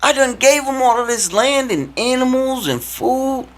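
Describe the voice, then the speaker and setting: A man's voice: extremely high pitch, animated, a little slow, voice pushed up. A man voicing God as a casual, teasing father figure who talks slang and calls him bro. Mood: aggrieved.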